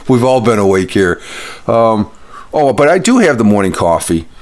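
A man's voice: fairly low pitch, very animated, measured pace. A man hosting a casual morning audio podcast from home, rambling with lots of fillers and restarts, and turning blunt and mocking when he vents. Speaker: podcast host.

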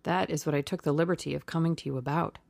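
Woman doing a low quiet old gamekeeper, gravelly, all yes sir, plain and humble. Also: steady tone, quick pace, dry recording. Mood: deferential. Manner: respectful, subdued, plain-spoken. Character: older male gamekeeper, rough and deferential.

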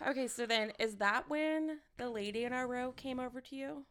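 A woman's voice: high-pitched, a bit bright. Chatty woman in casual talk. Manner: chatty, leans on "like", quick to laugh. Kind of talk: casual chat.

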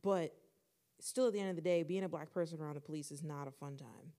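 A young woman with a slightly low voice tells a personal story on a casual podcast. She talks in an easy way and acts out quoted lines with lively changes in tone. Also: fast. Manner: animated, acts out quoted dialogue. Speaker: podcast co-host.

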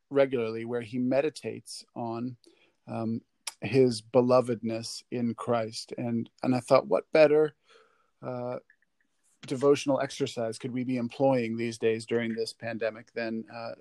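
A pastor introducing and questioning a guest preacher, with encouraging remarks and fillers. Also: male voice, mid-range voice, warm tone, no room sound. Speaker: pastor hosting the interview. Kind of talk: church interview.

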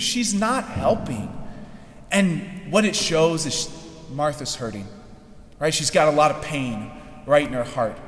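A man preaching a sermon in a conversational way, often checking in with the listeners. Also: a little high. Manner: conversational, keeps asking "right?". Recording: echoey hall with long reverb.

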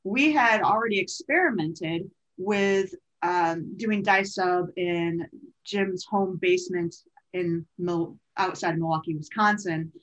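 A woman's voice: on the low side, slow pace, lo-fi sound. A woman co-hosting a podcast, telling a story in a chatty, meandering way with self-corrections. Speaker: podcast co-host. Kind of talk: casual conversational storytelling.

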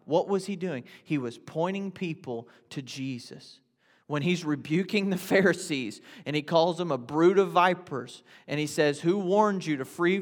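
Guy preaching a sermon, slightly high voice, chatty then punchy, church hall reverb. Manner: conversational preaching with rhetorical questions, rising to emphatic repetition. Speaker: pastor.

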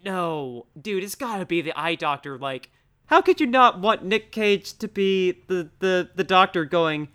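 A man's voice: high-pitched, animated, measured pace, bright, forceful tone, clear, resonant tone. A young man co-hosting a casual podcast about films, rambling with lots of "like" fillers and easy laughs. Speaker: podcast co-host. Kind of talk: casual film discussion.

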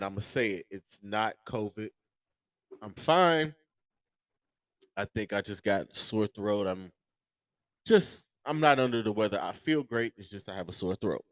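A man hosting a podcast with a sore throat, ranting casually and profanely about sports, heating up to shouts. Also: lowish voice, expressive, measured pace, pauses often, no room sound. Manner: profane, heated, rising to shouts. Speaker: podcast host.

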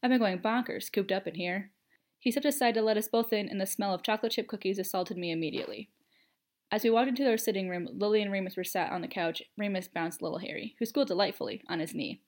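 A woman with an ordinary middle-pitched voice narrates a first-person story quickly. Her reading is expressive yet even.

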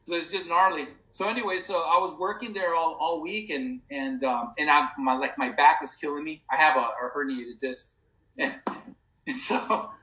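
A man's voice: fairly high pitch, moderate pace, sharp tone, roomy sound, poor audio. A middle-aged man in casual podcast chat, telling a long rambling story with frequent restarts and laughs. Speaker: podcast co-host.

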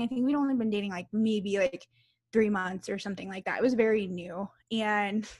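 A woman in her thirties tells a story on a casual podcast, animated and quick to laugh. Her voice sits a little high, and she swears freely. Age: 30s. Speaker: podcast co-host.

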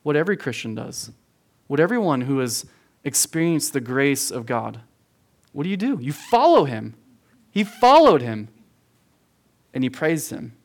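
A man's voice: medium pitch, big pitch swings, normal speed, vocal fry. A man preaching a verse-by-verse sermon as a youth pastor, earnest and emphatic, repeating phrases for stress and calling his listeners "guys". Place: room with a youth audience.

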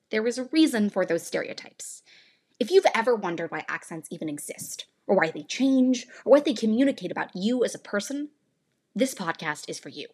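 Lively husky-voiced teen girl host. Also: mid-range voice. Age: late teens. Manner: playful, teasing asides. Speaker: podcast host. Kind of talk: scripted podcast monologue.

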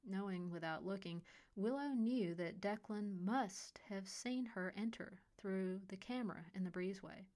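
A woman reading a short story aloud in a quiet, even way. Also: medium pitch, measured pace. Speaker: narrator. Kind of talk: scripted story narration.

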